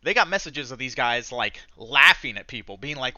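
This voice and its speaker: Young guy ranting about stocks, super bright edgy voice, dull dry lo-fi sound, swears a lot. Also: medium pitch, a little fast, hardly any pauses, dry recording. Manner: animated, profane, mocking mimicry. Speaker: trading channel host. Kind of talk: casual commentary over charts.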